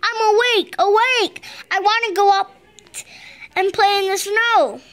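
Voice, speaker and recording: A woman reading a storybook aloud and voicing a small, excited young frog boy in a high, eager voice. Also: unhurried. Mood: insistent.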